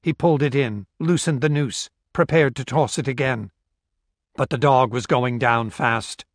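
A man reading a novel aloud in a steady, measured storytelling voice. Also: medium pitch, no room sound, clean studio sound. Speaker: audiobook narrator. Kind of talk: scripted narration.

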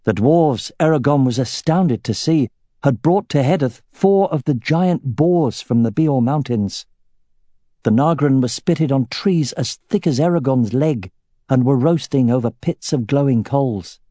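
A man reading a fantasy novel aloud as the narrator, with a steady, even storytelling delivery. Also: medium pitch, unhurried, no room sound, clean studio sound. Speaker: audiobook narrator.

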